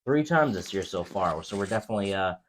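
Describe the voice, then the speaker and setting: A man's voice: sits low, expressive, fast talker, slight background noise. A man around thirty co-hosting a podcast, talking crudely and casually in a laid-back way with lots of fillers. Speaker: podcast co-host.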